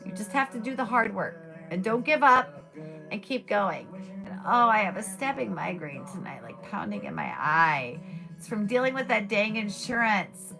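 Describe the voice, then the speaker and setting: Chatty woman with a gravelly voice. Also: mid-range voice, animated, normal speed, sharp tone, faint music behind. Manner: rambling, chatty, frequent fillers. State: scratchy throat. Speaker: live streamer. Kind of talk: casual live-stream chat. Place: at home at a table. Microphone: device mic without boom arm.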